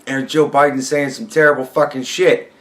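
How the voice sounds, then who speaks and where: A man rambles through a casual reaction rant at his desk, swearing freely and sounding worn out. His voice sits in an ordinary middle pitch. He often breaks into laughter. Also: steady tone, moderate pace, fairly bright tone. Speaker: commentary vlogger.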